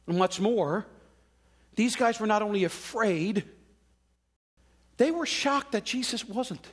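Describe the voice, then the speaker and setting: A man's voice: high voice, a little slow, long pauses, fairly bright tone, husky. A man preaching a sermon in a conversational way, acting out quoted voices. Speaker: pastor.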